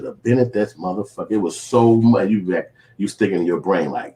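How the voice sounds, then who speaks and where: A man's voice: deep voice, fast, hardly any pauses, darkish tone. A man with a Chicago accent talking straight to his viewers in casual commentary, profane and full of street slang, rambling from point to point. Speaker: vlogger.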